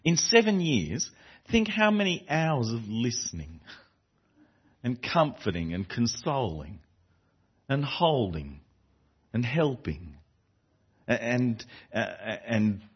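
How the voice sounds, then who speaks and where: Husky-voiced preacher with lively pitch. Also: male voice. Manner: earnest, repeats phrases for emphasis, frequent restarts. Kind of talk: sermon. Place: church before a congregation. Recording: dull lo-fi recording.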